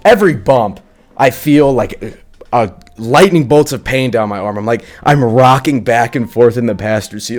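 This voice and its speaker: A man's voice: medium pitch, animated, normal speed. A young man telling a personal story in a casual vlog, swearing often and filling it with likes. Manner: casual, profane, full of likes.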